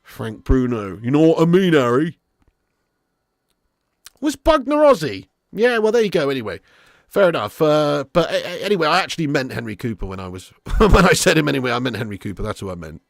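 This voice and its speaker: Casting note: man, live football streamer, lively pitch, dry close sound. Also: brisk, creaky, no room sound. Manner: chatty, banters with viewers, swears casually. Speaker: football watch-along streamer. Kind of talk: live stream commentary and chat.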